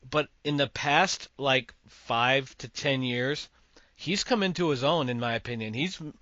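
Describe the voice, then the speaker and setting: Bright forceful guy from massachusetts rambling his opinions on a podcast, dry dull mic. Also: mid-range voice, dry recording. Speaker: podcast host. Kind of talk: casual movie chat.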